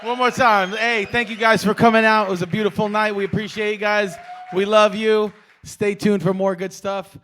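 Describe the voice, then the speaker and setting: A man wrapping up a comedy night, loudly thanking the crowd and calling out to them. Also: high-pitched, flat delivery, moderate pace, slight background noise. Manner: loud and hyped, calling out to the crowd. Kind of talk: closing announcement.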